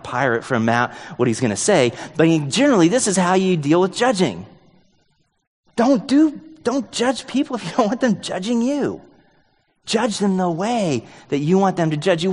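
A male pastor with a fairly high voice preaches in a casual, joking tone, often thinking aloud. The sound has a long reverb from an echoey hall. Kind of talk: sermon.

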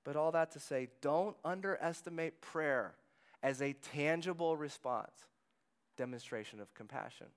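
A man preaching a sermon as pastor, in a conversational way, letting his phrases trail off softly. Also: fairly high pitch, unhurried, clear, resonant tone.

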